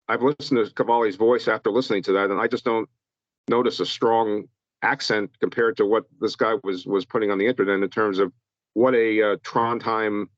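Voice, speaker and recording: A man answering interview questions in a halting way, often repeating words as he thinks. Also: lowish voice, a bit bright, dry recording, muffled recording. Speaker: guest, true-crime author.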